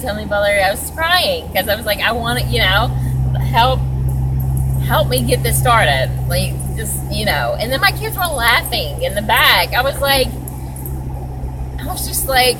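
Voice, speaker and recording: A woman's voice: on the high side, noisy background. A middle-aged woman talking casually and emotionally from her car, rambling with many fillers and restarts. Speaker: vlogger. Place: parked car.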